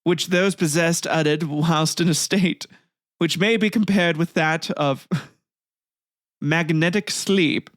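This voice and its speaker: A man's voice: on the high side, slow, dry recording, clean studio sound. Giggly, swearing podcast host man. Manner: laughs often, swears, rambling asides. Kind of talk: comedic history podcast reading.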